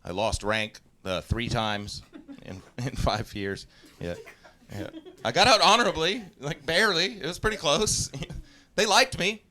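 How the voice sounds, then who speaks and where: A man in his forties from Southeast Texas works a live comedy crowd, his voice bright and forceful. He tells stories in an easy, laid-back way, chuckling at his own lines and sometimes shouting out loud impressions. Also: fairly high pitch, animated, a little slow. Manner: laid-back storytelling, laughing at his own jokes, loud put-on yells. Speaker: stand-up comedian.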